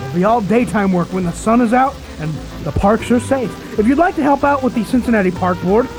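A man's voice: high voice, animated, fairly quick, over music, low-quality recording. A man co-hosting a casual radio talk show, brash, mocking and opinionated.

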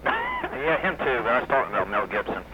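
A man's voice: fairly low pitch, very fast, noisy background. A man calling in to a radio show, talking in an offhand, indifferent way over a fuzzy phone line. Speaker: caller. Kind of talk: phone call-in.

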